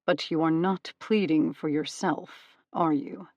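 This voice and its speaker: A woman voicing a proud male god of the underworld in an audiobook, cool and commanding, with a warm soothing baritone put on. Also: steady tone, measured pace, no echo, dull audio. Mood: coaxing. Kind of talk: audiobook character voice.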